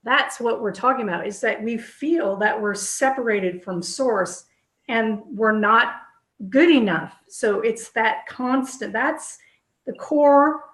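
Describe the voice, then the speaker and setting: A woman co-hosting a casual spiritual discussion, talking enthusiastically in quick bursts with restarts. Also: on the high side, a bit bright, reverberant. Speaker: co-host.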